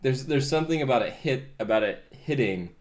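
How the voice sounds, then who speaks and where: A man's voice: mid-range voice, animated, fairly quick. A teenage American man in casual chat, rambling with many fillers and restarts and laughing often. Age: teens.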